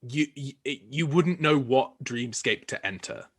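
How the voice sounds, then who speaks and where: A man's voice: medium pitch, unhurried, a bit bright, slightly rough. A man narrating as game master of a tabletop game, hesitant with many fillers and restarts.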